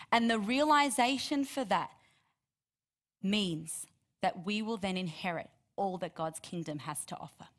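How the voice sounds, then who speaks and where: An earnest woman preaching a sermon at a middle pitch. She reads scripture aloud, then explains it in an animated, encouraging way.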